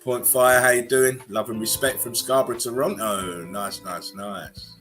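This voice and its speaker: Laid-back man with bright tone. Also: mid-range voice, a little slow, faint music behind. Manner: relaxed and rambling, laughs often between remarks. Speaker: livestream host. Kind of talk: casual livestream chat greeting viewers.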